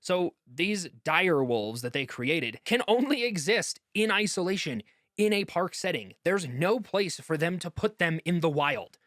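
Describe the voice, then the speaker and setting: Man, slightly high voice, impassioned video-essay rant, mocking asides, dry close mic. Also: lively intonation, a little slow, fairly bright tone, no room sound. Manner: heated, exasperated ranting with mocking quoted voices. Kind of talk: impassioned commentary.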